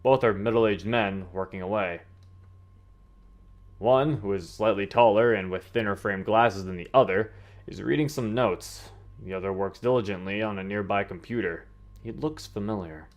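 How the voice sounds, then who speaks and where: A man on a live stream reading a game story aloud, breaking off for animated reactions and frequent laughter. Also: lowish voice, moderate pace.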